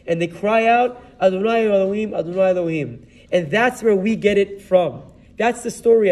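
A man's voice: sits high, a little mellow, recorded from a distance. A man, a rabbi, retelling a Bible story in a sermon and weaving Hebrew terms and verses into his telling. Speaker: rabbi giving a Torah talk.

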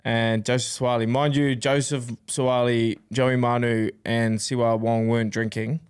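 A young man chats casually on a podcast. He tells long, rambling stories and breaks into laughter often. His voice sits at an ordinary middle pitch. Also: little pitch movement, normal speed, smooth. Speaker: podcast co-host. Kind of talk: casual chat.

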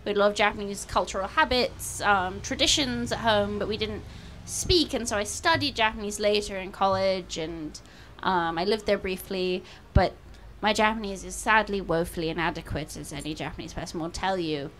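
A woman's voice: medium pitch, a little fast, hardly any pauses, a bit bright. Young female author, transatlantic accent, chatty with fillers, light background noise. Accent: mixed British and American. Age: young adult. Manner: chatty, self-deprecating, many fillers. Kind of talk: talk Q&A answers. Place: outdoor bookshop event.

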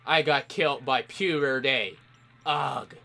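A man's voice: mid-range voice, takes it slowly, gravelly, bright, forceful tone. A man giving live commentary over an online shooter match, hurling theatrical mock-outraged insults at opponents. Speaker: gameplay commentator.

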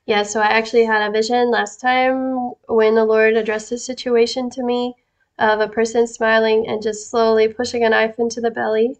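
A woman's voice: fairly high pitch, flat delivery, moderate pace. Woman reading prophecy with emphatic stresses. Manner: slangy, casual address. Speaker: Christian prophetic speaker. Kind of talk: reading out received prophetic messages.

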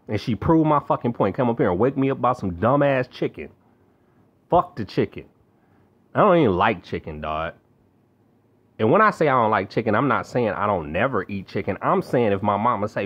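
A man's voice: medium pitch, animated, a little fast. A young man, venting angrily and profanely in a rant to camera. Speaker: vlogger. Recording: slightly dull lo-fi audio.

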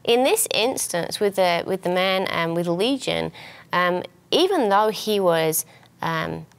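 A woman's voice: on the low side, expressive, slow pace, vocal fry. A woman co-hosting a ministry program, explaining a Bible passage in an earnest conversational teaching style. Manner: earnest, explanatory, many small restarts. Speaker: minister and co-host.

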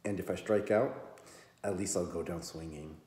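This man hosts a podcast and reads from a novel, interrupting himself with crude, joking, profane remarks. His voice is deep and mellow, moving at a normal speed. The room sounds echoey.

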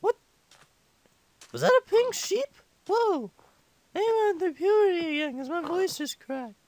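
A man voicing an excitable five-year-old boy who rambles through a comedic let's-play commentary. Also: extremely high pitch, unhurried, heavily acted. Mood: chatty.

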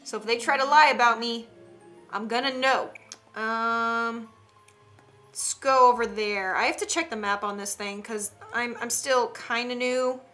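A young woman, commenting on an online game in a chatty, excitable way with gasps and giggles. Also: fairly high pitch, unhurried, soft background music. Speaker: gaming streamer. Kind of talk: casual gameplay commentary.

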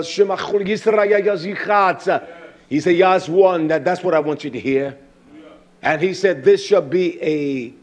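A man preaching a sermon, reading scripture slowly and building to shouted emphasis. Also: sits high. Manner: quotes scripture with slow deliberate stress.

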